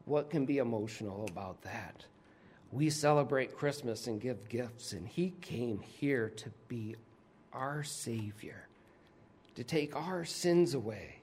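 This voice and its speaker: A man preaching a sermon with animated, emotional storytelling, dropping at times to a whisper. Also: mid-range voice, slow pace, slight background noise.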